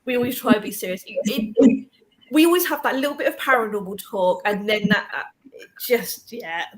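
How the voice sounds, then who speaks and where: A woman's voice: medium pitch, brisk. A woman guest in a casual chat, giggly and laughing often. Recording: noisy background.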